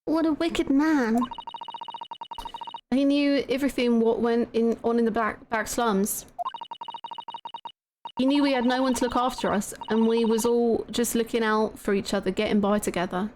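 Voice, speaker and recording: A woman's voice: on the high side, fairly even intonation, a little mellow, slight background noise, lightly acted. Woman voicing a streetwise girl. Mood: bitter. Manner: plain-spoken, defiant, slow. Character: streetwise young working-class East End woman. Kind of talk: reading game dialogue aloud. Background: game music.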